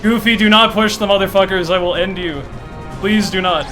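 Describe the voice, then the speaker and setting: A young man streaming a speedrun, pleading and swearing at the game, then cheering excitedly. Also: high voice, moderate pace. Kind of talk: live gameplay commentary. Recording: game music behind.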